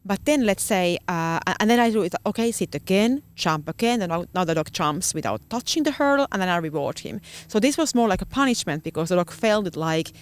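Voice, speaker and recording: A woman's voice: mid-range voice, expressive, brisk, few pauses. Woman searching for words. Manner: searching for words, many fillers. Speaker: guest dog trainer. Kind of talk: casual podcast conversation.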